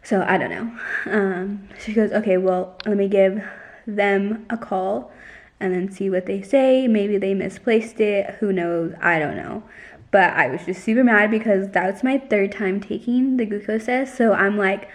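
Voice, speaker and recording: In her casual vlog, a young woman with a medium-pitched, steady voice talks a bit slowly. Her storytelling is chatty, full of "like," and she retells other people's dialogue by acting it out.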